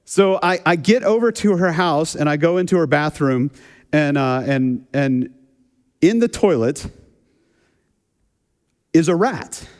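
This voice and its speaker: A man preaching a conversational sermon, telling a funny personal story in a relaxed, chatty way and often repeating words as he restarts. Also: on the high side, measured pace, pauses often. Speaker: pastor. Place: church sanctuary. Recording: long hall reverb.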